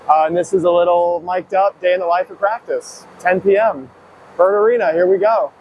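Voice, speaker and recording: A man's voice: high-pitched, a little fast, highs cut off. Breathless young man skating with a body mic. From Ohio, US. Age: young adult. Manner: rambling, self-mocking, chatty. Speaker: college hockey player. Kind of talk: casual mic'd-up practice commentary. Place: indoor ice rink. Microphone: wireless body mic worn while skating. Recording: noisy rink ambience.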